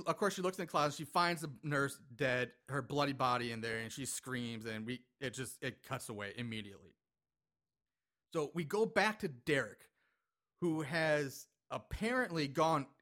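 Here a man with a fairly high, bright, forceful voice chats casually about a horror film alongside his co-host. His recap wanders, with lots of fillers, laughter, and the odd swear word.

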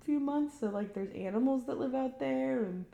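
A woman's voice: high-pitched, moderate pace, gravelly, warm tone. A young woman co-hosting a casual podcast chat, telling funny stories and acting out quotes with lots of giggles. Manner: chatty storyteller, giggly, acts out quotes. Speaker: podcast co-host.

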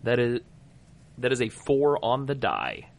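A man playing a tabletop game, expressive, dropping to low mutters and then jumping to loud outbursts. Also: a little slow, gravelly. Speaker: player. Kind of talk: casual game talk.

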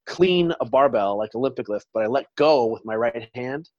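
A man's voice: mid-range voice, expressive, normal speed, darkish tone, dry recording, highs cut off. A man in his forties, a podcast guest, telling stories in a rambling, conversational way full of restarts. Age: 40s. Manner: rambling storyteller, trails off and restarts. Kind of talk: casual interview chat.

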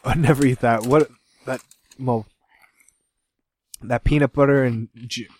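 A podcast co-host jokes through a casual taste test, laughing often and rambling off into asides. His mid-range, darkish voice is fairly even in intonation and a little slow.

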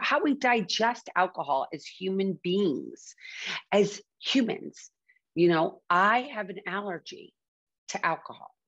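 A woman's voice: medium pitch, husky, dull audio. A woman hosting a podcast, talking candidly and earnestly about her own recovery, often circling back and restarting her sentences. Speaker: podcast host. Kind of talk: candid personal talk on addiction recovery.

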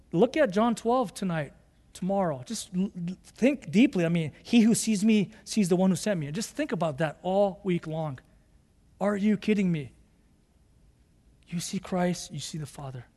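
Male pastor, high and light-voiced, earnest sermon delivery, long reverb of a big hall. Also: lively intonation, unhurried, pauses often. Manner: earnest, rising to fervent emphasis and shouts.

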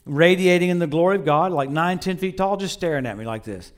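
A middle-aged man preaching a sermon, telling stories with lively swings between loud bursts and low murmurs, laughing often. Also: a little fast. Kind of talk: sermon with storytelling.

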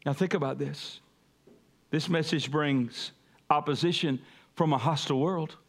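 High-voiced emphatic preacher man. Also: fairly even intonation, unhurried, creaky. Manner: call-and-response preaching, rising to emphatic peaks. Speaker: pastor. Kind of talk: sermon.

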